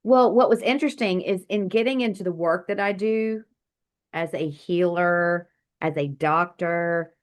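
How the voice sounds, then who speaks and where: Low-pitched woman, doctor-healer guest, animated storyteller, video call. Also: a little slow. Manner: vivid, animated storytelling with acted quotes.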